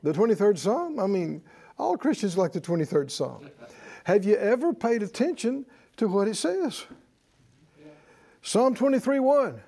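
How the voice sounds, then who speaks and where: A man's voice: high voice, big pitch swings, a little slow, gravelly, warm tone. A man preaching a sermon to a congregation, emphatic and leading them in call-and-response. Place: church service with congregation.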